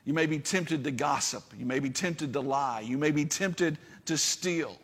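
A man's voice: on the high side, normal speed, a bit bright, breathy edge, long reverb tail. A man preaching a sermon as pastor, earnest and building to impassioned peaks.

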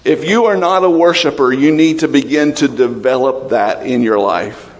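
A male pastor delivers his sermon with open emotion, climbing high and bright in praise and sinking low and hushed for warnings. His voice sits at an ordinary middle pitch, carried by the long reverb of a large hall. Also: moderate pace. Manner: emotional, animated preaching with laughs and sudden drops to low, quiet tones.

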